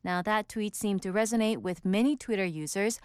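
A woman's voice: medium pitch, brisk, darkish tone, clean tone, no echo, clean studio sound. A female correspondent delivering a scripted social media news update.

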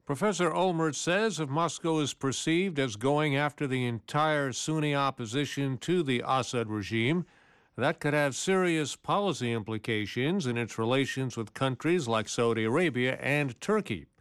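A man's voice: medium pitch, moderate pace, clear, resonant tone, no room sound, studio quality. A male news anchor reading scripted news copy.

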